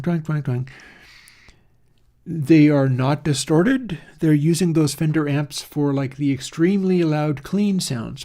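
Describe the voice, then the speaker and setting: A man's voice: fairly high pitch, mellow. A man hosting his own channel, talking casually and thinking aloud as he goes, with fillers and self-corrections. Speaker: host of an audio plugin channel. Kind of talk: casual rambling chat.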